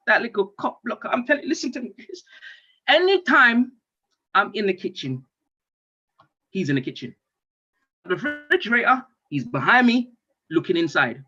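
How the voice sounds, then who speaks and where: A man with speech, doing a stand-up comedy monologue in an animated way, with loud outbursts and swearing. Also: high voice, breathy edge. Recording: dull lo-fi stream audio.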